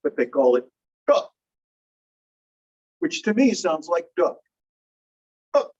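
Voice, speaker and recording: A middle-aged man teaching a language class in a chatty, animated way, often asking the class questions. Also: fairly high pitch, takes it slowly, husky, highs cut off. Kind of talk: classroom lecture.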